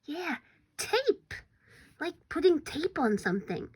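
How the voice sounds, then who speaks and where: A woman leads a recorded phonics lesson for young children, slow and encouraging, at times dropping to a whisper for suspense. Her voice sits high and has a sing-song quality.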